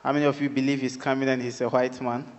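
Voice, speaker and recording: A man's voice: mid-range voice, level tone, fast talker, highs cut off, slight background noise. Ghanaian man doing stand-up in a hall. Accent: Ghanaian English. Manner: crowd-working, playful, switches between English and local phrases. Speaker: stand-up comedian. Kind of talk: stand-up comedy. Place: live venue with audience.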